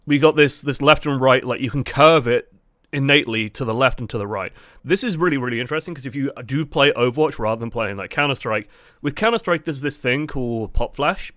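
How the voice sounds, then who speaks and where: A man streaming and chatting casually about a game, animated and full of "like" fillers. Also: medium pitch, brisk, no echo, clean studio sound. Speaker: gaming streamer. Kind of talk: casual gaming chat.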